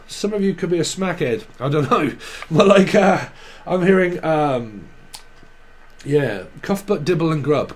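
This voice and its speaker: A man's voice: a little high, animated, a little slow, slight background noise. A man with a Cockney accent giving a rambling tarot reading, riffing through names and word associations in a playful, swearing way. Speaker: tarot reader.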